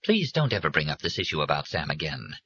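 A man reading aloud, voicing a firm, politically shrewd middle-aged mother who speaks coldly and deliberately. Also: very deep voice, big pitch swings, bright, forceful tone, breathy edge, no echo, muffled recording, heavily acted. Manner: firm and cold, then quavering.

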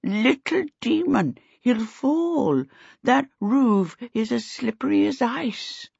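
A woman voicing a slow, doddering elderly male servant in a storybook reading, in a dull lo-fi recording. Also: on the high side, expressive, vocal fry, a little mellow, husky, dry recording, pitched above the performer's own voice, heavily acted. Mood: fretful, slow. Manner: slow, drawling and unhurried.

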